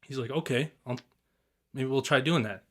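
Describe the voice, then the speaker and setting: A man's voice: medium pitch, moderate pace, a bit bright. A young man on a podcast, casually telling turkey hunting stories in a rambling, laid-back way, swearing and mimicking the calls. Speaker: guest turkey hunter.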